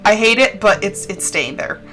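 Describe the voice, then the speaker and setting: A woman streaming a game, chatting casually and rambling off on tangents in an expressive way. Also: mid-range voice, normal speed, soft background music. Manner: animated and expressive. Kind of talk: casual gameplay chat.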